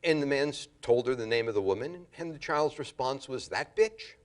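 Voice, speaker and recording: Lively male lecturer telling a story. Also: mid-range voice, a little fast. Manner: storytelling, animated delivery. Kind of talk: public lecture.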